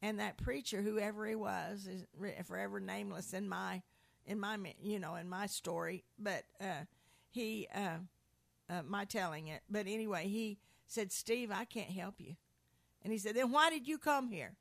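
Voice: medium pitch, fairly even intonation, moderate pace, creaky, dry recording. An earnest preacher in an informal sermon, quoting scripture and often repeating and restarting words.

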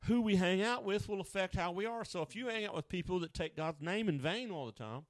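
A man's voice: high-pitched, fairly quick, no room sound. A male pastor preaching a down-home radio sermon, telling stories in casual, colloquial speech. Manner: down-home storytelling, colloquial grammar.

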